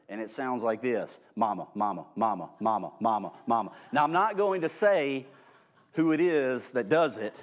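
A man preaching an informal, humorous sermon, joking at his own expense and swinging between hushed and loud delivery. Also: medium pitch. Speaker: pastor.

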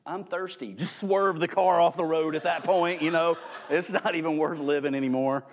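A man preaching an informal, humorous sermon, joking at his own expense and swinging between hushed and loud delivery. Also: on the high side, fairly even intonation, normal speed. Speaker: pastor.

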